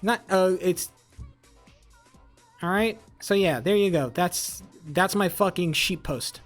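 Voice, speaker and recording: Streamer going off, swearing a lot, repeats stuff, mid pitch, quiet music behind. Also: takes it slowly. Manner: heated, profane, repeats phrases for emphasis; talks back to chat messages. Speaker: live streamer. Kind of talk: casual live-stream political rant.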